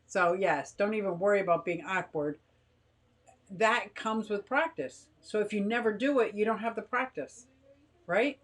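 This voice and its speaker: A woman's voice: mid-range voice, normal speed. Chatty older woman hosting a live stream. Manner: rambling, chatty, reads viewer comments aloud. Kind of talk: casual live-stream chat. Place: home garage.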